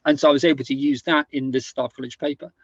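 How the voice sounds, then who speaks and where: A middle-aged man from the United Kingdom, a podcast guest telling anecdotes in a halting way, often repeating and restarting words. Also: medium pitch, fairly even intonation, slightly rough, no echo, highs cut off. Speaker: guest, author and former army officer. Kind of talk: casual conversational storytelling.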